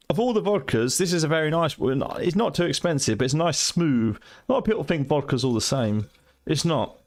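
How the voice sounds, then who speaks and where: A middle-aged man with a Fenland accent, rambling and swearing loosely through a late-night live game stream at home. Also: mid-range voice. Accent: Fenland English. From Fenland, England.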